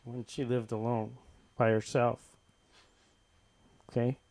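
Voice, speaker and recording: A man from Boston doing open mic stand-up, halting and hesitant with deadpan punchlines, on a comedy club stage mic. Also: medium pitch.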